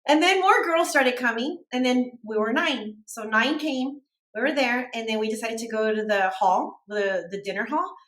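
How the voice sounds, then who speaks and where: A woman's voice: on the high side, moderate pace, fairly bright tone. A woman telling a long story in casual chat, rambling and using "like" a lot. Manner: rambling, heavy use of "like". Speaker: podcast team member telling a story. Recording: echoey room.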